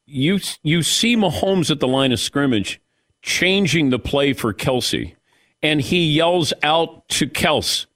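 A man hosting a sports radio show, chatting conversationally with his guest. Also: takes it slowly. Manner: conversational, lively pitch swings.

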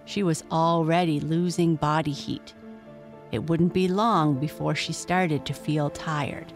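Brief: unhurried bedtime story narrator, calm and measured, soft music faintly under the voice. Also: mid-range voice.

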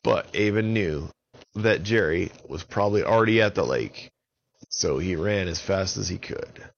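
A man telling a children's story in an unhurried, expressive way. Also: deep voice, dry recording, lo-fi sound.

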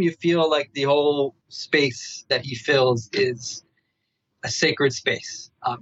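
A man telling a story as a meditation researcher guest in a podcast interview. He talks in an animated way and keeps tagging his asides with "right?". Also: on the high side, no echo, dull audio.

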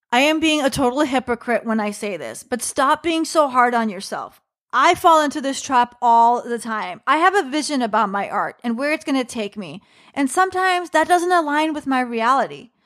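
A woman's voice: sits high, fairly bright tone. A woman comedian hosting a podcast, giving casual advice with many rhetorical questions to the listener. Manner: chatty, rhetorical questions, direct address.

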